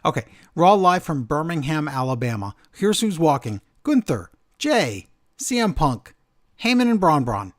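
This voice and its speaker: A man hosting a wrestling podcast, recapping the show in an animated way and acting out quotes. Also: on the high side, unhurried. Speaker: podcast host. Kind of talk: casual chat recapping wrestling.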